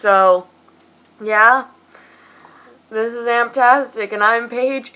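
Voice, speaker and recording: A woman's voice: fairly high pitch, extremely slow, long pauses, dull audio. A tired young woman in her late teens from the US, rambling self-deprecatingly through a casual vlog as its host. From United States.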